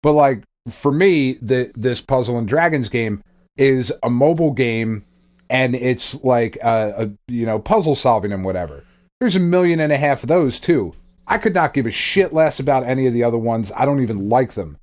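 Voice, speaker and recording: A man's voice: medium pitch, animated, moderate pace, a little mellow. A man hosting a casual podcast, rambling and swearing with frequent laughs. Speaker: podcast host.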